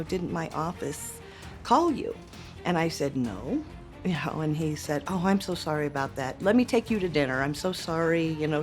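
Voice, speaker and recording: A woman speaks in a low register during an interview. She recounts past events haltingly, acting out what each person said. Faint music plays under her. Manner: halting, animated retelling with quoted dialogue. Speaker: interviewee, former girlfriend. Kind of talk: interview testimony.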